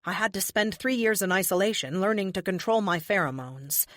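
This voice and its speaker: A woman voicing a young female empath who talks in a soft, confiding way, in an audiobook. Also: medium pitch, lively intonation, a little fast, no echo, studio quality, lightly acted. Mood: wry. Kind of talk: audiobook character voice.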